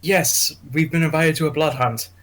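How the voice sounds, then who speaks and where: A man's voice: on the high side, moderate pace, fairly bright tone, natural voice. A man voicing a scheming male vampire ally in a tabletop role-play, talking in a confident, persuasive way.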